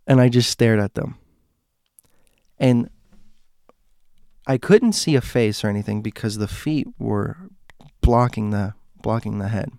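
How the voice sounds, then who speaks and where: A man with a gravelly, creaky voice tells a spooky personal story in a casual, conversational way. He stops, restarts and corrects himself as he searches for words. The sound is dry and close. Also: on the low side, darkish tone, no echo. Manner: halting, self-correcting, conversational.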